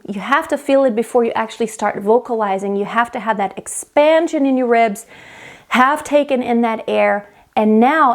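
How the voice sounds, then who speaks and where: A young woman teaching vocal technique, explaining step by step and breaking off to demonstrate sounds. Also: a little high. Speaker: singing teacher.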